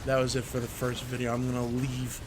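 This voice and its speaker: A young man commentating his own gameplay in a casual way, swearing and breaking into sudden yelps and shouts. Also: mid-range voice, monotone, a little fast, slight background noise. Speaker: gameplay streamer. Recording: loud game music behind the voice.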